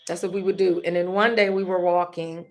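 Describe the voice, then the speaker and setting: A woman's voice: fairly low pitch, flat delivery, brisk. A middle-aged woman, hosting her own show and sharing a personal story in an earnest, prayerful way. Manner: earnest, prays aloud, laughs through a funny memory. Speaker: podcast host.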